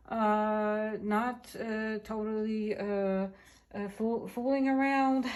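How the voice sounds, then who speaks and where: Halting, earnest woman with high voice. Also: a little mellow, echoey room. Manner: halting, full of restarts and fillers; earnest, talks about prayer and blessings. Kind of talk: casual chat.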